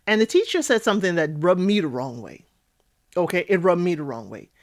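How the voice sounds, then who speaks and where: A woman talks through a reality TV recap in a lively, opinionated way, throwing in sassy asides. Her voice sits a little low. The sound is close and dry, with almost no room echo. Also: fairly quick. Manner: animated, outspoken, sassy asides. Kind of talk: casual recap commentary.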